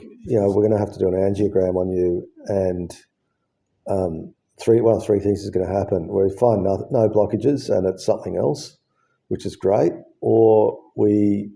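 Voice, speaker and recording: Casual and blunt, a fifties-aged man tells how his heart surgery went, cursing freely and playing out what each person said. He has a mellow, lowish voice with vocal fry.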